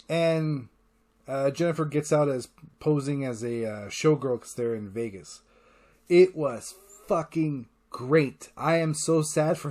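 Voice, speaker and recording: A man hosting a casual solo podcast, rambling with enthusiasm and swearing freely. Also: a little high. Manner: enthusiastic, profane, rambling retelling; acts out character lines in quick voices. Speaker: podcast host.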